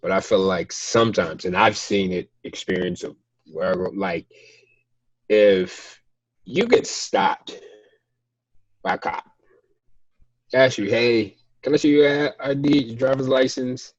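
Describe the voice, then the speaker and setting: A young man in a casual discussion, talking in an animated way with plenty of filler words. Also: on the low side, slow pace, long pauses, no room sound. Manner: animated, laughing, full of fillers like "like". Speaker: discussion panelist. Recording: dull, dry lo-fi audio.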